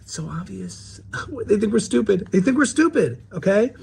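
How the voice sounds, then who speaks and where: A man's voice: sits high, big pitch swings, moderate pace, creaky, darkish tone, breathy edge, full character voice. A man playing a paranoid woman commentator in a parody sketch, talking mock-serious and theatrical with swooping emphasis.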